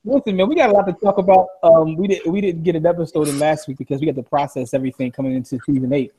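A man's voice: a little high, racing, mellow, breathy edge, rough recording. A man hosting a casual podcast round table and introducing his guests in a laid-back way. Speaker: podcast host. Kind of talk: casual chat.

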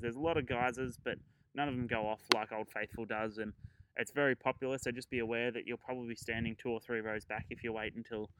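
Casual male podcast host, mid-pitched, clean smooth voice, chatty and rambling. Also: a bit bright, low-quality recording. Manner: rambling, chatty, with fillers and chuckles. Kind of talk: casual travel storytelling.

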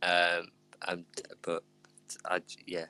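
A man's voice: deep voice, monotone, very slow, bright, forceful tone, clean tone, no echo. A British man hosting a casual podcast chat, cheeky and laughing, swearing freely. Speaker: podcast host.

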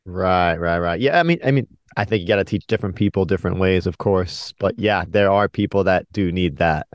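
Low-voiced easygoing man. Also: brisk, no echo, studio quality. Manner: easygoing, agreeable listener. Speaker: podcast co-host, father. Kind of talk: casual podcast chat.

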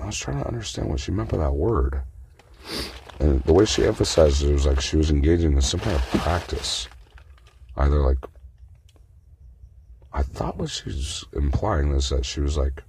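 Man, extremely low and gravelly, husky edge, swearing and worked up in an off-the-cuff monologue. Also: warm tone, dry recording. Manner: profane, agitated ranting. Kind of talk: casual unscripted monologue.

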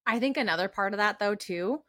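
A woman's voice: medium pitch, brisk, fairly bright tone, no echo, studio quality. A woman hosting a podcast, talking in a reflective, earnest way. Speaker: podcast host. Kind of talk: casual podcast conversation.

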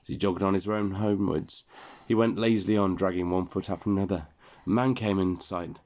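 A man reading a fairy tale aloud to a child in a relaxed, chatty way, stopping to explain and laugh. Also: low voice, a little fast.

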